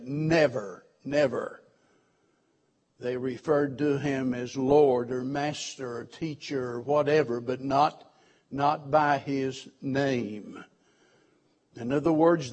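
A man preaching a sermon as pastor, slow and deliberate, drawing out words for emphasis. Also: a little high, darkish tone.

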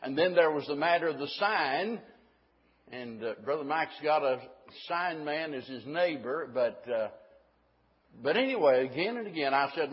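High-voiced husky preaching man. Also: lively intonation, normal speed, big-room sound, lo-fi sound. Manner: folksy, rising to emphatic preaching. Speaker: pastor. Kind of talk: sermon.

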